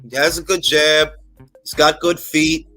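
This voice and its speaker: A man's voice: fairly high pitch, level tone, a little slow, pushed and bright, faint music behind. A man hosting a casual boxing talk livestream, speaking conversationally, repeating phrases and tossing slangy asides to his chat. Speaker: boxing talk show host.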